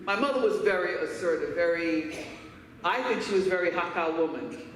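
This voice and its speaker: A woman's voice: fairly low pitch, expressive, moderate pace, noisy background. A woman from Harlem giving a keynote speech, telling personal stories in an emphatic, candid way. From Harlem, New York. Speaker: keynote speaker. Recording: echoey hall, voice from far off.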